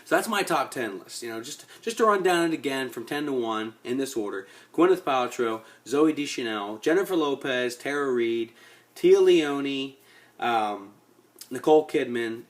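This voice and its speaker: A male vlogger rants casually to his webcam about actors he dislikes, blunt, rambling and often repeating himself. His voice is medium-pitched and animated, at normal speed.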